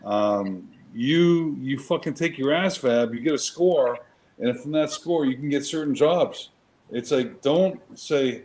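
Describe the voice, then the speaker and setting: A man's voice: medium pitch, measured pace, a little mellow, low-quality recording. A man, a Marine veteran co-hosting a casual chat show, telling stories in a profane, emphatic, rambling way.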